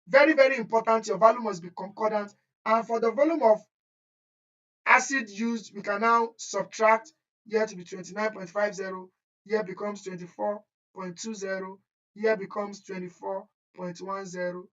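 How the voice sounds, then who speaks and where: A woman's voice: mid-range voice, fairly bright tone. A woman teaching an online chemistry exam-prep lesson, repeating key points and often checking that students follow. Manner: repetitive, emphatic, checks understanding often. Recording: dull lo-fi audio.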